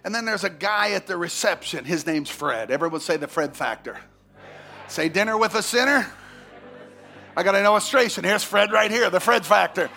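A male pastor preaching a sermon, telling a story with animated swings from hushed asides to shouts. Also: sits high, normal speed, vocal fry, faint music behind.

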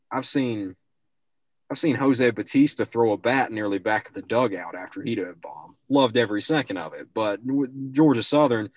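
A man's voice: medium pitch, no room sound. A young man co-hosting a casual sports talk show, giving rambling, opinionated takes and restarting his sentences often.

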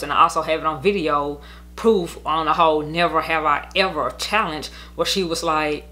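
A woman's voice: low voice, fairly even intonation, normal speed, bright, forceful tone. A woman venting in a rambling, profane monologue about her own story. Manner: rambling, profane, heated, with many "like" fillers. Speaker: podcast host telling her own story.

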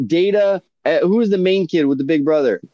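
A man co-hosting a casual chat, telling animated stories with lots of swearing and restarts. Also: a little high, a little fast, no room sound, lo-fi sound. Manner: animated storytelling, heavy swearing, many restarts.

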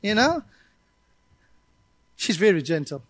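A man preaching a sermon, his voice unusually high and very dry on a close mic. He is emphatic and keeps calling out to the congregation for answers. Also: very animated, takes it slowly, husky, no room sound. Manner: emphatic, calls out to the congregation for responses. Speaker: pastor. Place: church service.

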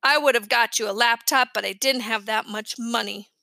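Storybook kid: woman doing a small, eager, wily boy, high and sharp, shrill when excited. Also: moderate pace, vocal fry, no echo. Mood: sly.

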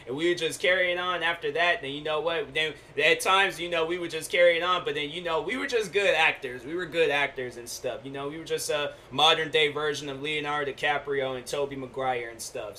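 A man in his twenties casually telling stories on his own podcast, slangy and relaxed, acting out the exchanges he describes. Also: slight background noise. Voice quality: deep voice. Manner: laid-back slangy storytelling, acts out quoted exchanges. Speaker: podcast host. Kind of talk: casual storytelling monologue. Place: home, at a laptop.

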